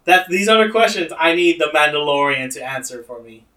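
A man's voice: fairly high pitch, expressive, fairly quick, sharp tone, recorded from a distance. A young man hosting a casual podcast chat, joking crudely and swearing freely. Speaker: podcast host. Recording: roomy echo.

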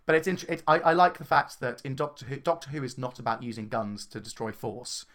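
Southern English male co-host, casual and animated, bright tone, laughs easily. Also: mid-range voice, fairly quick. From southern England. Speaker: podcast co-host. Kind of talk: casual chat.

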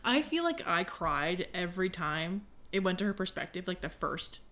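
Lively bright-voiced woman co-host. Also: lowish voice. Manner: expressive, quick to laugh and exclaim. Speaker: podcast co-host. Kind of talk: casual book chat.

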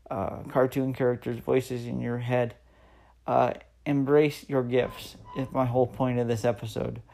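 Podcast host, male, 30s: slow, earnest pep talk, some vocal fry. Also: mid-range voice, warm tone. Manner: earnest, encouraging, repeats phrases for emphasis. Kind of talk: solo motivational podcast talk.

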